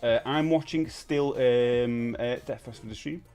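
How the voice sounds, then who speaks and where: A man's voice: mid-range voice, unhurried, a little mellow, faint music behind. A man from the UK hosting a casual live stream, chatting loosely and reading out viewer comments, laughing often. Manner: chatty, laughs often, many fillers and restarts. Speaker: livestream host.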